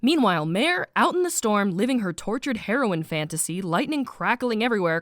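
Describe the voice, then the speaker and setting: A woman narrating a snarky animated book summary, playful and sarcastic, with slang asides and spoken sound effects. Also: medium pitch, fairly quick, hardly any pauses, no echo, studio quality.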